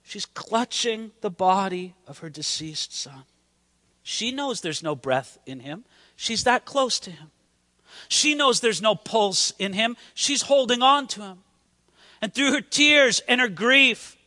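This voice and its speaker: A man's voice: extremely high pitch, pushed and bright. A man preaching a sermon with passion, sometimes acting out the prayers of the people in his story. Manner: impassioned preaching, acts out biblical prayers. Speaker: pastor. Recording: long hall reverb.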